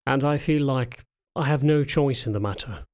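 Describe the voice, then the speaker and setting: A man reading the lines of a frightened young pregnant anthro woman in an audiobook, speaking softly and hesitantly. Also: medium pitch, normal speed, lightly acted. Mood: fearful, subdued. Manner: soft, trembling, hesitant.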